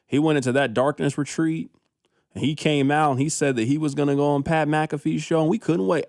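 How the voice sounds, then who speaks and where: Guy on sports radio, kinda high voice, goes off in disbelief, dry studio sound. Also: brisk, gravelly, no echo. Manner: animated, incredulous, slangy riffing. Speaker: radio show co-host. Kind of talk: casual sports talk radio. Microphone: studio microphone.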